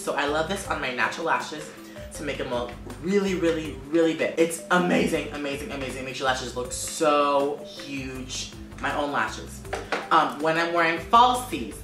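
A man's voice: a little high, distant mic. A man talking casually about makeup favorites in a vlog, gushing and repeating words for emphasis. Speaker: makeup vlogger. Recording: roomy echo, off-mic, music behind.

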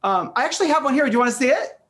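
A middle-aged man chatting as an interview guest, animated and storytelling, often repeating phrases, heard over a video call. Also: extremely high pitch, very fast. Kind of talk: casual interview chat.

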